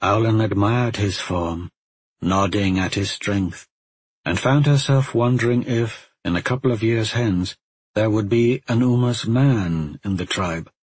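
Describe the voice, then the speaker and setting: A man calmly narrating a fantasy story in a steady, even storytelling manner. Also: on the low side, unhurried, slightly rough, no room sound. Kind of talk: audiobook narration.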